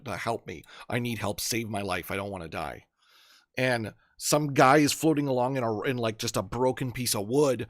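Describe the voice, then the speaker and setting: A man with a fairly low voice hosts a live stream, giving an earnest motivational talk packed with stories and frequent restarts. The sound is clean studio audio with no echo.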